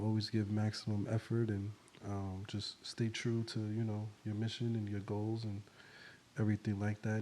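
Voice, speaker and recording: A man with a dark, mellow voice hosts a casual conversation. He rambles easily and fills his sentences with "you know" and "like". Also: lowish voice, a little hiss or hum. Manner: relaxed, rambling, many fillers. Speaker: podcast host. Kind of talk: casual chat.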